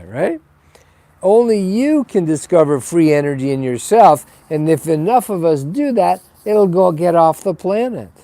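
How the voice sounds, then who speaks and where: A man's voice: a little high, mellow, no echo. A man hosting a spiritual webcast, talking in a rambling, blunt and profane monologue. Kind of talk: casual spoken monologue.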